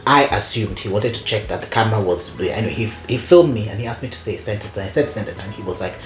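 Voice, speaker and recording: A woman guest telling stories in casual conversation, animated and laughing often, with lots of "you know" fillers. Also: rumbling low, fast talker, a little hiss or hum. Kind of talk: conversational storytelling. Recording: echoey room.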